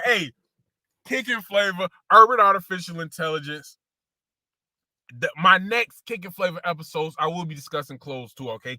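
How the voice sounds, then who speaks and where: Brief: male sneaker vlogger, fairly high, very bright voice, loose slangy delivery full of repeats, dry close recording. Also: no echo. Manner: slangy, repeats phrases, addresses viewers as y'all. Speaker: sneaker show host. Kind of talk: casual sneaker commentary.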